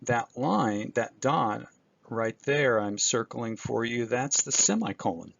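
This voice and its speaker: A man's voice: mid-range voice, gravelly, a bit bright, husky, no room sound. A man teaching an introductory Greek class in a recorded screencast, explaining step by step with occasional fillers. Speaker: Greek instructor. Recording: dull, dry screencast audio.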